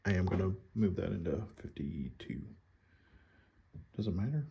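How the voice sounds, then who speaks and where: A man playing a board game at home, calmly talking through his turn and counting his units and money aloud. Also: low voice, normal speed, gravelly, muffled recording, a little hiss or hum. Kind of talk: casual solo board game playthrough.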